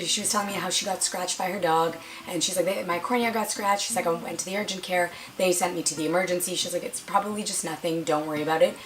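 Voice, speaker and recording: A young woman vlogger chatting casually through a storytime, acting out quoted lines in a higher voice and playing up her own drama.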